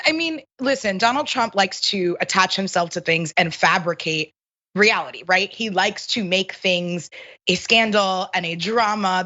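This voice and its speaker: A woman guest commentator in a casual political chat, speaking in an animated, emphatic way. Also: medium pitch, highs cut off.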